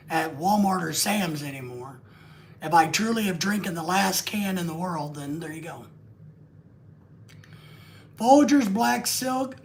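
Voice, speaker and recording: A man's voice: high voice, slight background noise. A man hosting a live stream, rambling and joking casually with crude asides.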